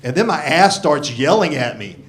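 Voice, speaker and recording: A man's voice: a little high, sing-song, normal speed, slight background noise. A man in his sixties doing a grumpy, profane stand-up set on a club stage into a handheld mic. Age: 60s. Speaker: stand-up comedian. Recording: live club with crowd laughter. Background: audience laughter.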